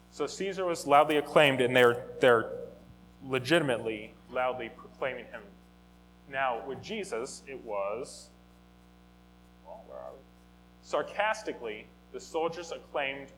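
A man giving an informal Bible teaching at a middle pitch, talking to the room and correcting himself as he goes. His tone is conversational and animated. A faint hum sits under the recording. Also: rough recording. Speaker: teacher of a Bible study or sermon.

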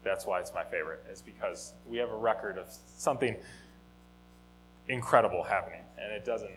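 A man teaching a Bible lesson in a conversational, animated way, often restarting and correcting himself. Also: on the low side, brisk, slight background noise, rough recording. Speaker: teacher of a Bible study or sermon. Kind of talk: informal teaching talk.

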